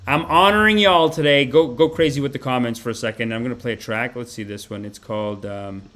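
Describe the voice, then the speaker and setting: A man's voice: medium pitch, a little fast, a bit bright. Rambling profane male podcast host. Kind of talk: casual livestream chat.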